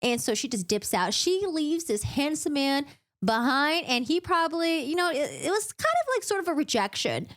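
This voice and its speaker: Chatty, animated woman recapping a book. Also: high voice, normal speed. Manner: chatty, joking asides.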